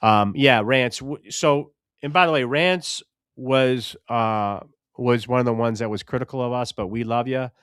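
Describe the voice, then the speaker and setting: A man's voice: medium pitch, measured pace, clear, resonant tone, no echo. Co-host, male, brash rambling talker, dry close mic. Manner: loud, animated, rambling and profane. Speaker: podcast co-host. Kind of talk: casual live-stream banter.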